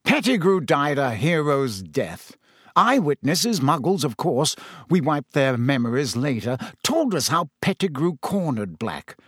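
A pompous middle-aged minister, officious and brisk, whose voice rises and falls a lot as he holds forth, as a male narrator puts him on. Heard dry and close to the mic. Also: on the high side, sing-song, breathy edge, dry recording, full character voice. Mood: consoling.

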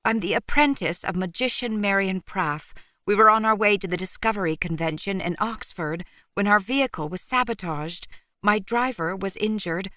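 A woman's voice: mid-range voice, normal speed, bright, forceful tone, no echo, clean studio sound, close to an everyday voice. A woman voicing a determined young female apprentice, pleading and urgent, in a storybook reading.

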